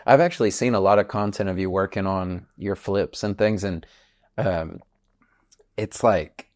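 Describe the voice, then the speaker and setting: A man's voice: deep voice, a little slow, a little mellow. A young adult man hosting a podcast in casual chat, earnest and a little hesitant. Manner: earnest, hesitant, frequent likes. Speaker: podcast host.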